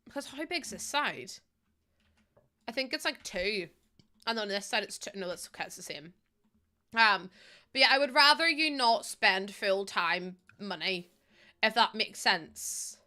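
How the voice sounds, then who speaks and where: A woman's voice: medium pitch, lively intonation, a little slow, long pauses, pushed and bright. A young woman with a Northern Irish accent, chatting casually and self-mockingly while live-streaming, often laughing and reading chat aloud. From Northern Ireland.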